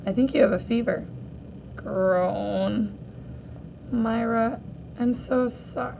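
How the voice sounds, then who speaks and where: A woman teacher reading a graphic novel aloud for children, gently voicing each character in turn. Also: on the high side, fairly even intonation, slow, vocal fry, pauses often, noisy background.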